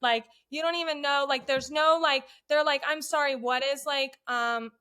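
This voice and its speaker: A middle-aged woman telling a story in casual chat, profane and animated, acting out what people said. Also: high voice, normal speed. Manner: profane, animated, acts out quotes. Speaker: podcast guest.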